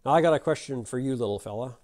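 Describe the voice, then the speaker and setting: Swaggering Texan cowboy bully, drawling and gruff, done by a man telling a joke, mellow tone. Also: mid-range voice, racing, close to an everyday voice.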